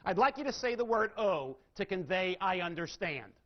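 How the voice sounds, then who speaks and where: A man's voice: high voice, big pitch swings, moderate pace. A man giving a live sales training lecture, asking his audience questions and changing his emphasis and pace. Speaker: seminar speaker. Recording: dull lo-fi recording.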